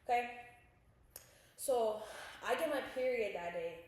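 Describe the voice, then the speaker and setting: A woman's voice: fairly high pitch, a little slow. A young woman co-hosting a podcast, telling a wild story in casual chat, swearing often and acting out what people said. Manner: animated, swears a lot, acts out quotes. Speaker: podcast co-host. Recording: very echoey room.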